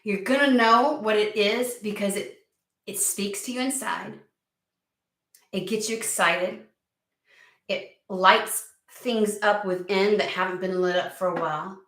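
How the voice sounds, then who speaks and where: A woman giving a casual tarot reading, excitable and profane, who argues back at the cards she draws. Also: medium pitch, unhurried, roomy sound, recorded from a distance. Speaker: tarot reader.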